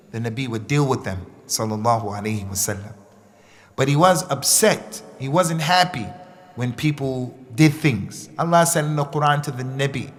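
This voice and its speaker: A man teaching a religious workshop for young people, animated and repeating phrases for emphasis, with Arabic recitation mixed in. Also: a little high. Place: mosque.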